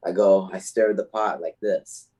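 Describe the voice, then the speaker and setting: A man's voice: deep voice, level tone, measured pace, crowd noise, low-quality recording. A man co-hosting a podcast, explaining himself defensively in casual chat. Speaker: podcast co-host.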